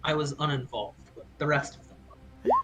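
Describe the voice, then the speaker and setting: A man playing his character in a tabletop game, formal and halting. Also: on the high side, heavy background noise. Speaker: player.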